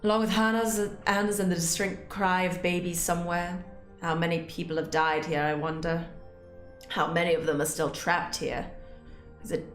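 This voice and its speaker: A young woman with a lowish voice reads a story game aloud in a dramatic, expressive way. Her voice rings in a roomy space, and soft music plays under her. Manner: expressive, breaks into panicked rambling. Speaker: gaming channel host. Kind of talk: dramatic reading of a visual novel.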